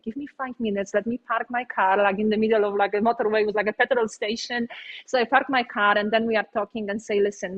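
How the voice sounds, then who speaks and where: A woman from Poland with a Polish accent, an interview guest telling her career story in a lively, chatty way with frequent fillers. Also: fairly high pitch, highs cut off.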